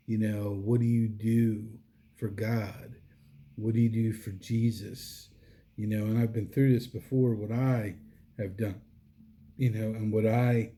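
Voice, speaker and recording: A middle-aged vlogger with a warm, somewhat low voice delivers a casual personal monologue about his faith. He's earnest and devotional but tired, yawning, rambling with lots of fillers and restarts.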